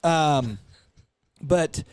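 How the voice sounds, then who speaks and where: A man tells a long, rambling story on a studio podcast, cussing freely and getting animated. His voice sits fairly high for a man. The sound is dry and close. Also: drawn-out words, clear, resonant tone, no echo. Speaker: podcast co-host. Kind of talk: casual storytelling chat.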